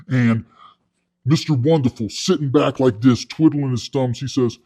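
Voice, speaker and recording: A man's voice: medium pitch, normal speed, mellow. A man telling a comic story in a rambling way, with stumbling restarts. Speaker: comedy storyteller.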